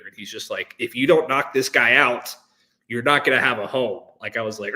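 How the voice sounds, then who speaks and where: A man's voice: medium pitch, fairly quick, pushed and bright. A male co-host on a sports talk show, talking casually with hesitant fillers and enthusiasm. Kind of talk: casual chat.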